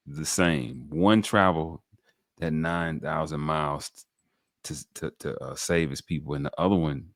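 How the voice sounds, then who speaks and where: Man, podcast host, very deep voice, dry close sound, animated. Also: no room sound. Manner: animated, preacher-like, addresses viewers directly. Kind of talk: enthusiastic interview talk.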